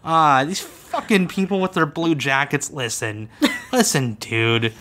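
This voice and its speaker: A man's voice: fairly high pitch, lively intonation, slow, sharp tone. A man co-hosting a casual podcast, launching into a profane, mock-angry rant. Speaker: podcast co-host.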